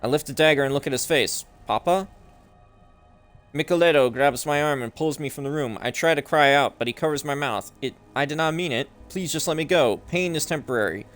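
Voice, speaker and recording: A young man hosting a gaming channel, reading game text aloud slowly, stumbling and correcting himself, now and then swearing when confused. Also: on the high side, fairly bright tone, soft background music.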